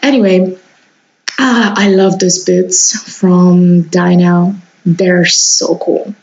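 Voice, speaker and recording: A woman's voice: fairly low pitch, fairly even intonation, extremely slow, darkish tone, muffled recording. Chatty young woman with a sore throat. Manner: rambling, chatty, many fillers and restarts. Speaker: Sims building video host. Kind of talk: casual voice-over commentary.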